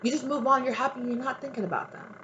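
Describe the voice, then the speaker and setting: This woman's voice is high-pitched and fairly bright, with a steady tone, and she races through a tarot reading. In a casual, blunt, emphatic spiritual advice monologue she swears freely and keeps asking the viewer "right?" Highs are cut off, with a little hiss or hum.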